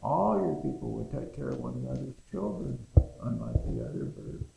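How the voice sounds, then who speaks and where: A man voicing a kind, wise male Creator spirit who speaks gently and reassuringly, in an echoey room. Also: mid-range voice, big pitch swings, moderate pace, vocal fry, very noisy.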